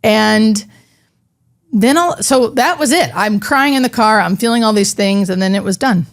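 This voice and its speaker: A middle-aged woman, a hospice nurse, telling a personal story in an interview, halting and emotional, with many fillers. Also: mid-range voice, no echo, studio quality.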